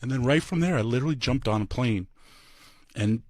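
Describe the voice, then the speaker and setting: A tearful man giving an emotional farewell speech as a departing pro wrestler, halting and full of pauses. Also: mid-range voice, animated, darkish tone, no echo, studio quality.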